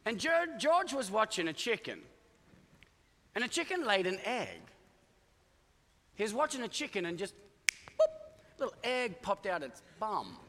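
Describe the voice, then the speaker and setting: Pastor guy from iowa, high swingy voice, goofy storytelling sermon. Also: moderate pace, long pauses, big-room sound, a little hiss or hum. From Iowa, United States. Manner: animated, joking storyteller acting out voices. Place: church auditorium with congregation.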